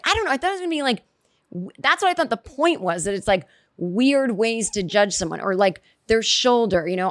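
A woman's voice: medium pitch, lively intonation, a little fast, dry recording, studio quality. A woman telling a casual comic story, rambling and chatty, acting out quoted reactions as she goes.

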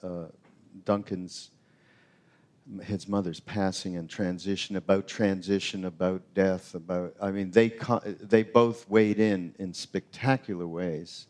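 Man, host, casual chat, short prompts, low deep voice. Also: steady tone, unhurried, a little mellow. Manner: brief affirmations, hesitant prompts. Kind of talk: casual conversation.

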